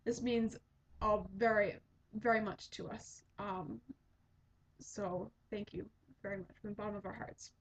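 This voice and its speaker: A woman's voice: on the high side, a little hiss or hum. A woman in her twenties hosting a podcast, chatting in a rambling way with lots of ums. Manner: rambling, chatty, many fillers. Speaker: podcast host. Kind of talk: casual chat. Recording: dull lo-fi home recording.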